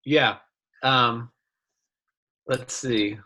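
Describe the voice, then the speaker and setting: A man's voice: mid-range voice, steady tone, extremely slow, sharp tone. A man playing a tabletop game, talking casually and laughing easily. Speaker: player.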